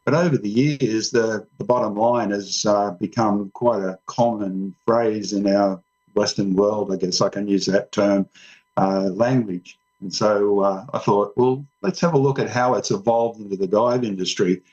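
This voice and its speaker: A man's voice: fairly low pitch, fairly even intonation, a little slow, darkish tone. A man, a guest writer explaining his ideas on a podcast panel with frequent ums. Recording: slightly muffled lo-fi sound.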